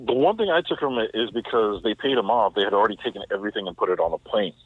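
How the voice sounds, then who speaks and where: A man co-hosting a casual film podcast, insistent and halting as he explains plot points. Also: on the low side, husky. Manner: insistent, halting, restarts a lot. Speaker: podcast co-host. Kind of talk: casual chat. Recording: tinny phone-like line.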